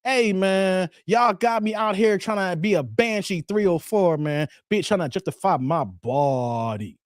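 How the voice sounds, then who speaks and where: A man's voice: high voice, animated, unhurried, no echo, clean studio sound. A man, chatting casually with viewers, laughing often and repeating "hey, man" in playful banter. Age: 40s. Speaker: YouTube host. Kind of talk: casual live-stream chat reading viewer comments.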